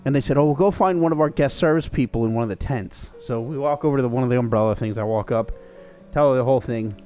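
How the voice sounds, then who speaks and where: A man telling a story in casual chat on a podcast, acting out quotes in a higher voice. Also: fast, dull audio, faint music behind. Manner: animated, acts out quotes in a higher voice. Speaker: podcast co-host.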